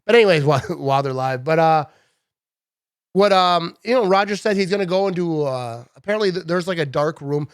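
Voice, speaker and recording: A man in his thirties rants about sports in a loose, chatty way, calling people bro and dude. His voice sits a little high for a man. The sound is dry and close, with no room around it. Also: fairly quick, clear, resonant tone, no room sound. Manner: animated, chatty, says "bro" and "dude" a lot. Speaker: sports vlogger. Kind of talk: casual sports rant.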